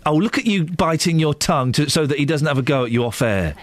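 Lively man hosting radio. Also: a little high, quick pace. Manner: lively, jokey, teasing. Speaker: radio show host. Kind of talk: casual radio chat.

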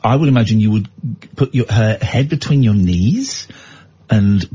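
A man's voice: on the low side, lively intonation, unhurried, dark tone, slightly rough, muffled recording. A man hosting a radio show, bantering and joking with mock arrogance. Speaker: radio host. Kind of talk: casual radio chat.

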